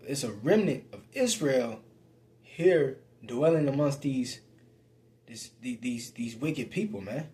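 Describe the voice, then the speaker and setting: A man preaching, reading scripture aloud and commenting on it in casual talk, slow and halting with many fillers and repeated words. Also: mid-range voice, a little mellow.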